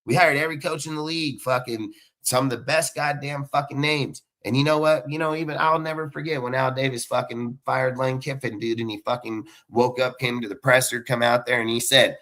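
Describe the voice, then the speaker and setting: This sports podcast panelist delivers a profane, heated rant about his football team, cursing nonstop and jumping between points. He speaks a little fast with hardly any pauses, in a medium-pitched, steady voice that sounds bright and forceful.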